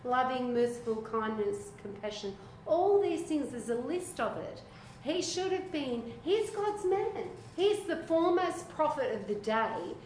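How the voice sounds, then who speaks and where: A woman leading a small-group Bible study in a casual, animated way, acting out what biblical figures might say. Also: high-pitched, a little slow, slight background noise. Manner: animated, chatty, acts out voices of biblical figures. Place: echoey room with a small group. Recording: echoey room recording.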